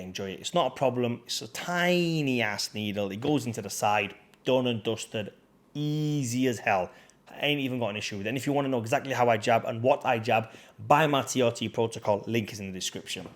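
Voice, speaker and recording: Slangy, chatty man. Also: mid-range voice. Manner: slangy, chatty storytelling with lots of "bro" and "like". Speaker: fitness coach. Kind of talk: casual talk to camera.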